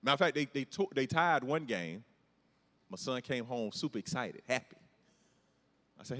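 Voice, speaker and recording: A man's voice: medium pitch, normal speed, long pauses. A middle-aged man, doing a self-deprecating stand-up comedy set in a large church hall. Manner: storytelling, animated, self-deprecating. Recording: hall reverb from a large venue.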